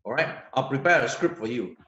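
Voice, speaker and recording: A man's voice: medium pitch, lively intonation, fairly quick, fairly bright tone. A man giving a sales training lecture, emphatic and repetitive, often checking in with "okay?". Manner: emphatic, repeats words, tag questions like "okay?". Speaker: business trainer. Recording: echoey room, dull lo-fi sound.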